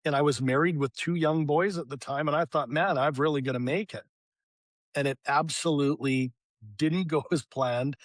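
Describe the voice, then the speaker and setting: A middle-aged man with a Canadian accent, a podcast guest telling his life story in an animated, storytelling way. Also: a little high, dry recording. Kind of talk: storytelling interview.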